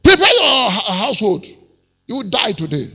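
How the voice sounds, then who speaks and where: A male pastor preaching a sermon, rising to shouted peaks and dropping low again. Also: big pitch swings, normal speed, gravelly, husky, big-room sound. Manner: preaching with shouted peaks and sudden drops to near-whisper.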